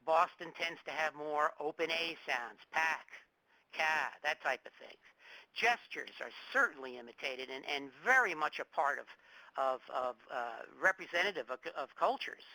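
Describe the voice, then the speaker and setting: A man's voice: on the high side, animated, normal speed, bright, forceful tone, poor audio. A middle-aged man with a New York accent giving a public lecture, emphatic and often repeating words as he searches for the next one. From New York metropolitan area.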